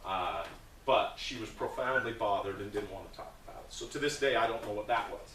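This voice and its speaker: A man with a fairly low, slightly bright voice speaks briskly to a group, telling stories plainly and earnestly as a guest speaker about a volunteer food project, hesitating at points. The recording has roomy sound from a distant mic and a touch of hiss or hum.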